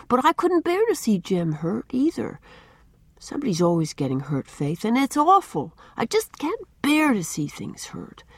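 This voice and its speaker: A woman's voice: fairly low pitch, dry recording, studio quality, heavily acted. A woman voicing a sensitive, dreamy young boy who hates pain, earnest and pleading.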